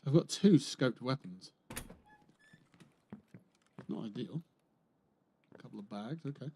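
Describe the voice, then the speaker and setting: A man's voice: mid-range voice, animated, measured pace, creaky, darkish tone, slight background noise. A man chatting casually while playing a game on a livestream, muttering to himself and swearing dryly, close to his microphone. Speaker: streamer. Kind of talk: casual gameplay livestream commentary.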